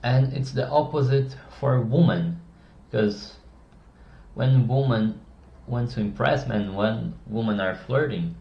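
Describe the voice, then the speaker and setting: A man presenting a casual lesson on communication, often dropping his voice lower and softer to demonstrate tones. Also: slow, vocal fry. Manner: demonstrates tones, drops voice low and soft for examples. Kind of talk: casual explanatory video lesson. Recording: echoey room, dull lo-fi sound.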